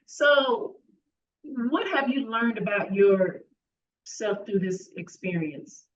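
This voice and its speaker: A woman's voice: mid-range voice, expressive, slow, far from the mic, a little hiss or hum. A woman podcast host interviewing a guest, with short encouraging replies. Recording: dull sound, a bit off-mic.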